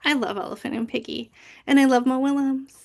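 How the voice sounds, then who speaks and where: A woman's voice: sits high, steady tone, brisk, gravelly, darkish tone. A woman giving a training session on reading picture books aloud, breaking into big, playful voices for the characters. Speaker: library youth services manager.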